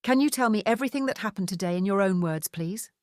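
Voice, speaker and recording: A woman reading the lines of a charming Irish male police detective who asks calm, probing questions. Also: medium pitch, fast talker, no echo, clean studio sound, lightly acted.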